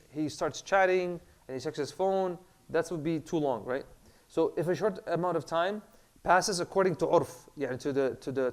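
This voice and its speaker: A man with a slightly high voice teaches Islamic prayer law in a loose, chatty way. He drops Arabic terms into his English and often stops to repeat himself or fill gaps with "uh" and "um". His throat is a little rough. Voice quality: clears throat, says he has a bad throat. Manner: relaxed, mixes Arabic terms into English, many fillers and repeats. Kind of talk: casual classroom lecture.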